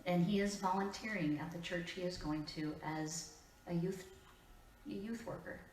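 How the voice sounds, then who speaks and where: A woman pastor's sermon echoes through a church sanctuary, heard from afar. Her voice is darkish and a little low for a woman, shaped by an Upper Midwest American accent, and she speaks in a measured, earnest way with deliberate pauses.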